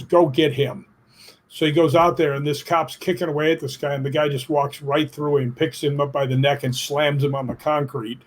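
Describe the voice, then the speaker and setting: A middle-aged man being interviewed, telling stories in a plainspoken, emphatic way and acting out what people said. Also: mid-range voice. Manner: animated storyteller who acts out quotes; emphatic, plainspoken, casual swearing. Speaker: guest. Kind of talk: interview storytelling.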